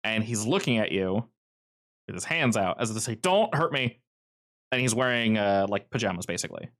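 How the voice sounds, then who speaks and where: A man's voice: lowish voice, fairly quick, fairly bright tone. A man running a tabletop game as game master, narrating in a rambling, easygoing way full of fillers.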